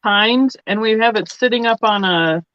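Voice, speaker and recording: A woman's voice: mid-range voice, normal speed, no room sound. Dull-sounding, dry-voiced woman chatting. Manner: rambling, trails off mid-sentence. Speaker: regular viewer on the stream. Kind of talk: casual live-stream chat.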